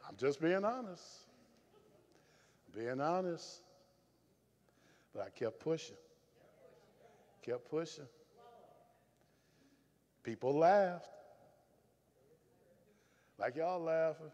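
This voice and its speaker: A man with a Southern US accent preaching a sermon as pastor, telling folksy stories and swinging between loud firm emphasis and low confiding asides. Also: lively intonation, drawn-out words, long pauses, highs cut off. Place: church sanctuary. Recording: reverberant church hall.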